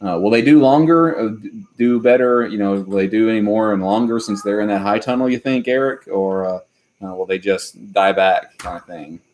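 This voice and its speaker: A man's voice: fairly low pitch, normal speed, darkish tone. A man hosting a homesteading live stream, chatting casually and rambling with lots of hesitant fillers. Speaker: homesteading channel host.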